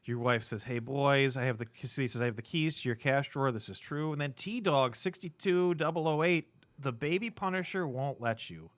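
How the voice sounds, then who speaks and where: Fast-talking joking man, dry sound. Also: medium pitch, no room sound. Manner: joking, teasing. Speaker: podcast host. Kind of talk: casual chat. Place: comic shop.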